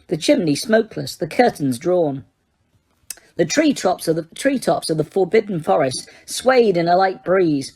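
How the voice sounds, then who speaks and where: A woman narrates an audiobook in a low, husky voice with a breathy grain. Her pitch moves in lively rises and falls as she reads steadily along. Now and then she stops to correct a slipped word. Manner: steady reading with occasional self-corrections.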